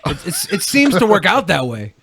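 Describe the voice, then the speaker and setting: A man hosting a podcast, chatting in an animated way and often laughing. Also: high-pitched, moderate pace, gravelly, husky. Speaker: host. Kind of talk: casual chat.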